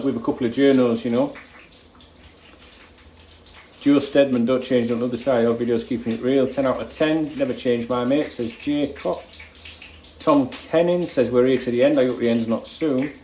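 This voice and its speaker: A man's voice: medium pitch, darkish tone, echoey room, a little hiss or hum, poor audio. An older man, casually reading out viewer comments in his kitchen, blunt and jokey with plenty of swearing. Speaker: football fan channel host. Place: home kitchen while cooking.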